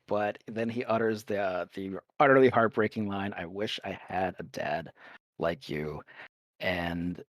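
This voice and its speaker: A man's voice: medium pitch, clear, resonant tone, no echo. Chatty young man on a dry podcast mic. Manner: enthusiastic, rambling, swears casually. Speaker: podcast co-host. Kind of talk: casual podcast chat.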